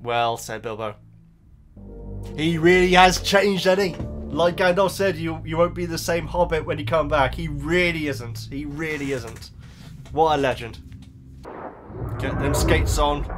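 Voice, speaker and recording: A man hosting a film reaction, talking to the screen and cheering excitedly. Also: a little high, unhurried, over music. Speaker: reaction video host.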